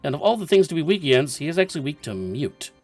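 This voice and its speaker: A man's voice: on the high side, very animated, fast, a little mellow, soft background music. A man commentating a video game tournament, explaining boss strategy step by step in a casual, chatty way and laughing often. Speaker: esports commentator.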